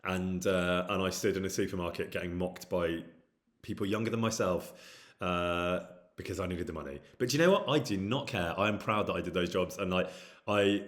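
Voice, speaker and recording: A man with a low voice talks casually on a live stream. He reads out questions from chat and answers at length, wandering through his replies with plenty of hesitant fillers.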